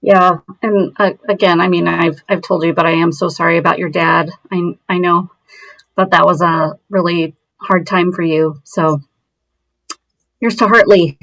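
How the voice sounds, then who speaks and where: A woman hosting an interview conversation, speaking warmly and affectionately. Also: lowish voice, fairly even intonation, a little slow, no echo, low-quality recording. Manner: warm and affectionate. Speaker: host.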